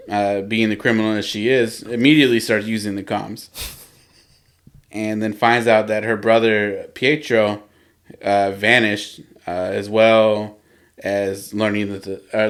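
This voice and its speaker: Low-voiced man laughing through a recap. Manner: chuckles often while retelling. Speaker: podcast host. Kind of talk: casual comic book recap.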